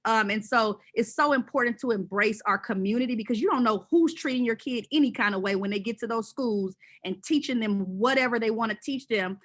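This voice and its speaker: A woman from Southern California, a panelist telling a personal story in an animated, conversational way with many fillers and restarts. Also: a little high, brisk, hardly any pauses.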